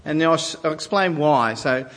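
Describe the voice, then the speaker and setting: Male preacher, forties, storytelling sermon, raised pitch, reverberant hall. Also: normal speed. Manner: warm storytelling, self-deprecating humour. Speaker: pastor.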